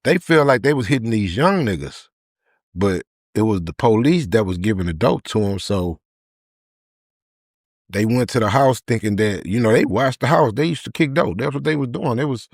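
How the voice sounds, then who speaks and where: A man's voice: medium pitch, normal speed, no room sound, clean studio sound. A middle-aged man, telling his story in an interview and acting out the voices of people in it. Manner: animated retelling, acts out quoted voices. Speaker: podcast guest.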